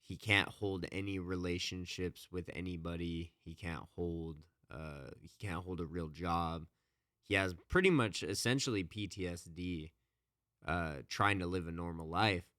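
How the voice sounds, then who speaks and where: A man with a very low voice chats loosely on a podcast, circling back with "you know" and "like" as he retells a story. The sound is close and dry, with no room around it. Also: measured pace, fairly bright tone, no room sound. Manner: rambling, many fillers and restarts. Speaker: podcast co-host. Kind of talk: casual chat retelling a book.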